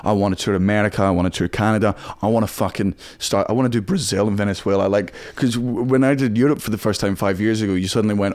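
A Scottish comedian talking casually as a podcast guest, swearing constantly and speaking in emphatic bursts. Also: male voice, lowish voice, steady tone, quick pace, few pauses, darkish tone, no echo. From Scotland.

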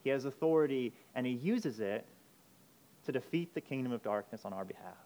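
A man preaching a sermon, emphatic, moving between urgent loud passages and quiet intense ones. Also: medium pitch, animated, a little fast. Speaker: pastor.

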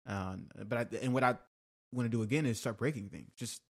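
A man's voice: medium pitch, brisk, slightly rough. A young man hosting a casual podcast, talking candidly and confessionally, rambling with restarts. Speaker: podcast host.

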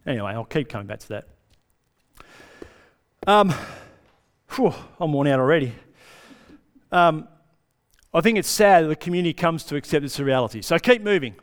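High, smooth-voiced preacher in a hall. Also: male voice, lively intonation, normal speed, long pauses. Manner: conversational, checks in with the congregation. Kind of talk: sermon. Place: church hall.

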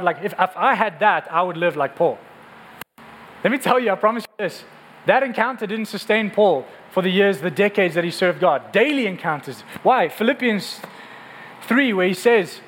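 A man's voice: high voice, fairly quick, a bit bright, slight background noise, poor audio. A male pastor giving a sermon to a congregation in a room, in an earnest, conversational way that often repeats words.

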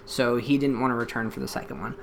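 A man's voice: mid-range voice, fast talker, gravelly, a little hiss or hum. A man co-hosting a casual podcast, talking through a horror movie review with swearing and plenty of fillers. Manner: animated, swearing, many fillers. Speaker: podcast co-host.

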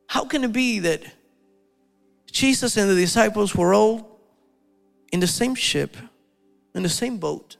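High, gravelly-voiced male preacher. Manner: animated, storytelling, with acted-out quotes. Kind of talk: sermon.

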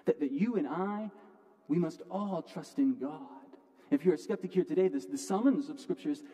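Mellow slightly high guy preaching in a church, earnest, stumbles and repeats words, long echo. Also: moderate pace. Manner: earnest, repeats words when restarting, swings between loud and quiet. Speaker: pastor. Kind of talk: sermon. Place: church sanctuary. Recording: long hall reverb.

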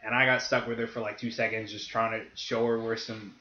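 A man's voice: lowish voice, brisk. Profane young man telling stories. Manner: profane, animated storytelling with laughter. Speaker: podcast co-host. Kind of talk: casual storytelling chat. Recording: roomy, dull lo-fi podcast audio.

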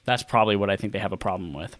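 A man's voice: lowish voice, very fast, no echo. A man co-hosting a casual podcast chat, playful and jokey. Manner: animated, playful, jokey asides. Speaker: podcast co-host.

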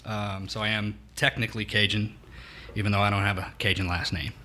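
Laid-back man, low voice. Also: level tone, a little fast, bright, forceful tone, slight background noise. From Louisiana, USA. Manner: laid-back, self-deprecating, many fillers. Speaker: actor guest. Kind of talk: casual interview chat.

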